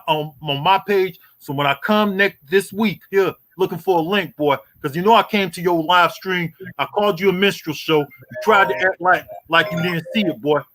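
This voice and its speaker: A man's voice: on the high side, pushed and bright. A man in his forties hosting a boxing livestream, taunting a rival in a profane, repetitive rant. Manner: taunting, profane, repeats "boy" and "you hear me". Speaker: boxing YouTube host.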